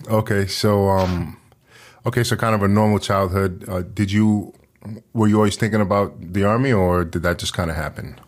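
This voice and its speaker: A man's voice: lowish voice, moderate pace, pauses often. A man hosting a podcast interview, talking casually with many fillers. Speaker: podcast host.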